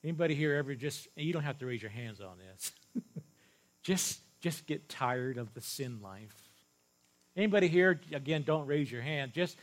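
A man's voice: mid-range voice, moderate pace. A male pastor preaching a sermon to a live congregation, stressing single words hard and addressing the room directly. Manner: animated, leaning hard on single words for emphasis; speaks directly to the congregation with light laughs. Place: church service before a congregation.

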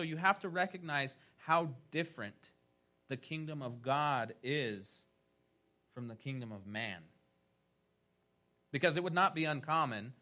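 A man delivers a sermon with a bright, forceful tone. He drives his phrases upward with emphasis, then lets the endings fall soft and low, steady in a mid-range pitch. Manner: emphatic preaching with rising, punchy phrases and soft trailing endings. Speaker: pastor.

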